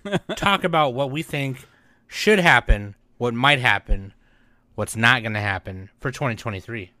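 A man's voice: mid-range voice, moderate pace, pushed and bright, no room sound, studio quality. A man hosting a casual podcast chat, joking and bantering with his co-hosts. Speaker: podcast host.

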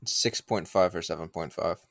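A man's voice: deep voice, steady tone, normal speed, gravelly, a bit bright, no room sound, studio quality. A young man co-hosting a casual podcast, skeptical and sarcastic in his reactions. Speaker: podcast co-host.

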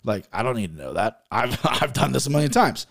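A man's voice: medium pitch, very animated, a little fast, creaky, voice pushed down. A man voicing a curt, surly delivery man who brushes off advice. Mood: dismissive. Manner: dismissive, brusque.

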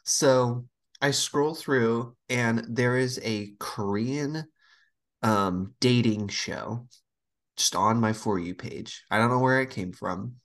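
Speaking slowly in an extremely low-pitched voice, a woman co-hosts a casual podcast. She tells stories with animation, performing the voices of the characters she quotes.

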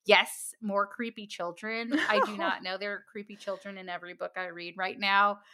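A woman's voice: mid-range voice, little pitch movement, crowd noise. A woman co-hosting a book podcast, recommending a novel in casual chat and joking about her own pronunciation. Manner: unhurried, self-deprecating about pronunciation. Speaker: podcast co-host.

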